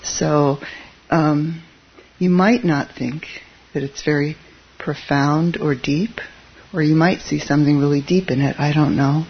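A Zen teacher giving a relaxed, conversational dharma talk, chuckling at their own asides. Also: mid-range voice, unhurried, husky, highs cut off.

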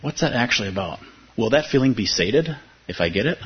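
A man's voice: medium pitch, lively intonation, fairly quick, slightly rough, dull audio. A man teaching meditation in a conversational dharma talk to a room of listeners, repeating key phrases and asking rhetorical questions. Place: room with a live audience.

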